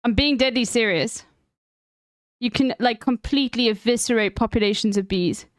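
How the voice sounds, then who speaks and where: Smooth-voiced woman chatting on stream. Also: on the high side, moderate pace, no echo, clean studio sound. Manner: rambling, emphatic, profane. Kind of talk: casual stream chat.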